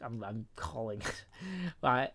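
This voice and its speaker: A tired man provides casual live game-stream commentary, reading chat aloud and talking to himself with soft muttered asides. He takes it slowly, in a mid-range voice with lively intonation.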